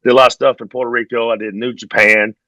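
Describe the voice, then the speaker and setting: A man's voice: mid-range voice, level tone, fast, sharp tone, no echo, poor audio. Laid-back man telling stories. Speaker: podcast guest, former pro wrestler. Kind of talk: casual interview storytelling.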